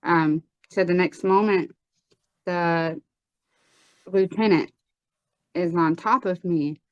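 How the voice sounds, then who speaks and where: Woman, slow-spoken, lowish voice, earnest, halting, personal testimony, dull lo-fi dry recording. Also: fairly even intonation, dry recording. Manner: halting, earnest, many pauses and restarts. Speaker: guest telling her life story.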